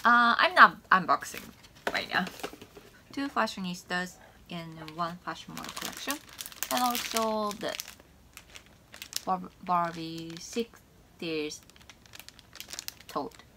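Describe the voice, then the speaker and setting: A woman's voice: on the low side, expressive, slow, long pauses, pushed and bright, slight background noise. A woman vlogger chatting casually to her viewers about her shopping haul, bubbly and gushing. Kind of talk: casual chat to camera.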